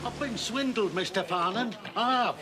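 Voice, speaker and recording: An actor playing a blunt, comic farmer with a broad, gruff Yorkshire accent in a 1970s television drama. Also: male voice, high-pitched, normal speed, very noisy, lightly acted. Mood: aggrieved. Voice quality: broad, gruff, earthy dialect speech. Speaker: farmer client.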